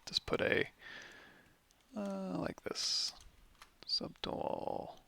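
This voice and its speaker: A tired man with a lot of vocal fry, teaching a live software tutorial and thinking aloud as he works through menus. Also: drawn-out words. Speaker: 3D modeling instructor.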